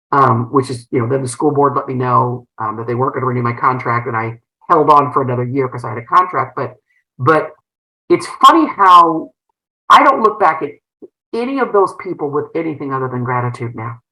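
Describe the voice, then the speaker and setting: A middle-aged woman with a low but bright, forceful voice recounts a painful chapter of her life as an interview guest. She speaks earnestly and emotionally, circling back with fillers and restarts as she goes. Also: low-quality recording. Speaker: guest, former school principal turned entrepreneur. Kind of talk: personal storytelling in an interview.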